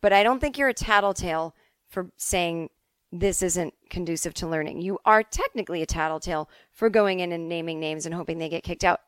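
A woman's voice: fairly low pitch, no room sound, clean studio sound. A woman in her forties from the Boston suburbs, hosting a podcast and talking candidly and chattily as she answers listener emails. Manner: candid, chatty, swears, laughs easily. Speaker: podcast host.

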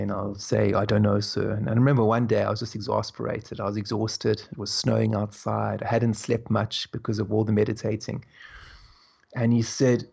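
A man as an interview guest, telling stories in a slow, reflective way with soft laughs. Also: lowish voice, completely flat delivery, creaky, slightly rough, lo-fi sound. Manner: slow, musing, laughs softly between thoughts. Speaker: guest, spiritual teacher. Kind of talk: reflective conversational storytelling.

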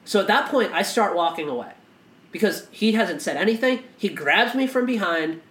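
A man's voice: sits high, animated, moderate pace, a bit bright. A man co-hosting a casual podcast conversation, talking with impassioned, profane intensity and frequent restarts. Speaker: podcast co-host. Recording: echoey room.

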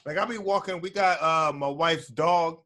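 A man's voice: fairly high pitch, moderate pace, pushed and bright. A man from New York with a slightly raised voice hosts a podcast call with friends. He jokes in a loose, teasing way and riffs on the talk as it goes. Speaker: podcast host. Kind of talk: casual chat.

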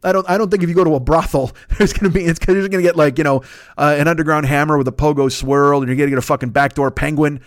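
A man's voice: fairly high pitch, steady tone, fast talker, no room sound, studio quality. A man riffing in a rambling, profane comedic monologue as a podcast host, laughing often and correcting himself.

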